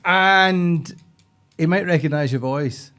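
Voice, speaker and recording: A man hosts a football podcast in easy, chatty talk. His voice is a touch high for a man, and he laughs readily at his guests. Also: slow pace, a bit bright, clean tone. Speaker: podcast host. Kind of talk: casual podcast chat.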